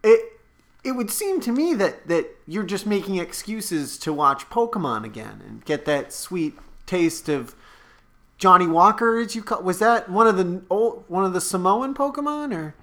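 A woman jokes through an improvised comedy chat, her pitch swooping up and down. She teases the others with mock innocence, dropping pointed jabs as if they were casual remarks. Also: sing-song, normal speed, fairly bright tone. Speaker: comedic panelist.

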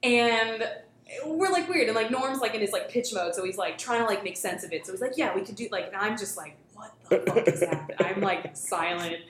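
A woman with a mid-range voice tells a long work anecdote as a podcast guest, talking a little fast with few pauses. She rambles casually, using lots of fillers and restarts, and the recording has a roomy echo, faint background noise and a crowd audible behind her.

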